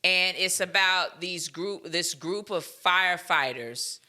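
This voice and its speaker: Woman, podcast host, casual rambling talk, bright tone, slow pace. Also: fairly low pitch. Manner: rambling, filler-heavy storytelling. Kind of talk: casual chat.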